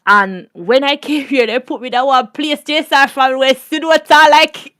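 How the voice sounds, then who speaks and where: A woman with a Jamaican accent hosting a casual storytime chat, animated and laughing often. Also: sits high, moderate pace, dry recording, clean studio sound. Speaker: channel host.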